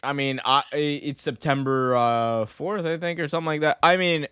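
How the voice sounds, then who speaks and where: A man hosting a casual podcast, ranting and joking in an animated way. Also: a little high, normal speed, clear, resonant tone, no echo, clean studio sound. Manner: animated, joking rants with mock voices. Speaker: podcast host. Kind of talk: casual chat.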